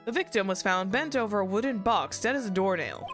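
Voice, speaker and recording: A woman's voice: mid-range voice, expressive, brisk, music in the background, natural voice. A woman voicing an earnest, eager male police detective giving testimony in a game.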